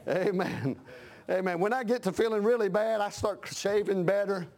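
A middle-aged preacher delivers a homespun sermon in a notably high voice, punctuating his points with amens. He slips into the voices of the people he describes and hammers each point with plain country talk. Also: normal speed, darkish tone. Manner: folksy preaching with frequent amens, acts out voices. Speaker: pastor.

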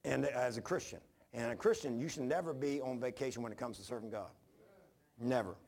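Preacher, man, gravelly and husky, rambling self-mocking storyteller. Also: mid-range voice, fairly quick, darkish tone. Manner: rambling, self-deprecating, restarts often. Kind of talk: informal storytelling sermon.

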